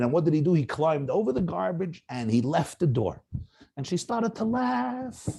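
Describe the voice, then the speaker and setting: Gravelly, animated middle-aged male rabbi. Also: fairly high pitch, normal speed. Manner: animated, acts out quoted spouses. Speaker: rabbi giving marriage guidance. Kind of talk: lecture to young married men.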